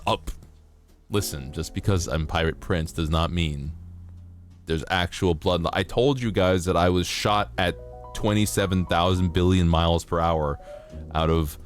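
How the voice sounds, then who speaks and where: Male streamer, lower register, casual and jokey, reads stories aloud and riffs on them. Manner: joking, playful, swears casually, laughs at himself. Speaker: livestreamer. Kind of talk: casual livestream chat, reading out stories.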